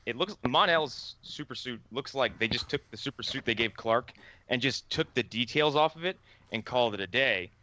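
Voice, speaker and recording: A man co-hosting a casual podcast chat, animated and quick to laugh. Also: medium pitch, muffled recording, a little hiss or hum. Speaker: podcast co-host.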